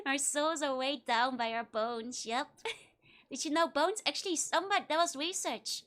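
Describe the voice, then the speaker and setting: Speaking at a measured pace, this Dutch-accented woman has a high-pitched, fairly bright voice and lively intonation. She's a virtual streamer in a casual livestream, joking with her viewers and frequently giggling between lines.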